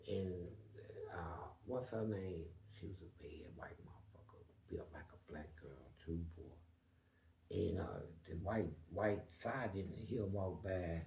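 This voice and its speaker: A man with a gravelly, rough voice spins a casual story, acting out every voice in it and swinging from loud bursts to hushed murmurs. His voice rings in an echoey room. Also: on the low side. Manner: animated, acts out quoted voices, swings loud and quiet.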